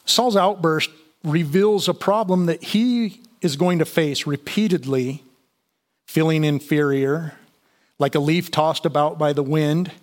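A man with a slightly higher voice delivers a relaxed, conversational sermon. He walks through the scripture passage, stopping to explain it with plenty of "you know" and small restarts. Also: a little slow. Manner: conversational Bible teaching with fillers and restarts. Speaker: pastor.

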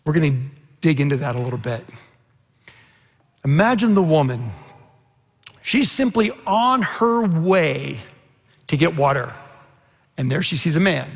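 Man, pastor, sermon, earnest storytelling, slightly high voice, gravelly edge. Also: big pitch swings, measured pace, pauses often, big-room sound. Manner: earnest storytelling preacher, quoting scripture with rising intensity.

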